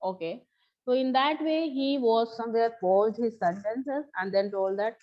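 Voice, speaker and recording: A woman teacher with a fairly high voice walks a class through a story. She repeats and paraphrases each line as she explains it. The recording is slightly dull and lo-fi. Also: measured pace, dark tone.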